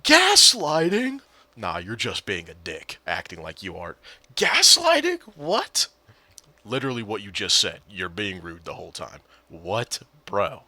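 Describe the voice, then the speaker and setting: A man's voice: low voice, normal speed, few pauses, pushed and bright, no room sound. A man telling a gaming story in a casual, exasperated rant, often swearing and replaying what others said. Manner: exasperated, profane, retells quotes.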